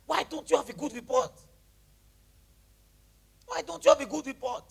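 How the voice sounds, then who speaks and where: A man preaching a sermon to his church, with a lively, emphatic delivery that jumps from shouts to near whispers and mixes in Pidgin phrases. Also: very high-pitched, fairly quick, vocal fry, pauses often. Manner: animated preaching, shouting then dropping to a hush, Pidgin phrases, laughing. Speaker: pastor. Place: church hall with congregation.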